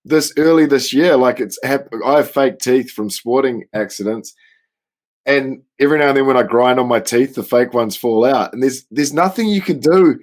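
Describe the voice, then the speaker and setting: A man with a mid-pitched voice co-hosts a podcast. He chats casually and chuckles between his remarks. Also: moderate pace, darkish tone. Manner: easygoing, chuckles often. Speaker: podcast co-host. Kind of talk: casual chat.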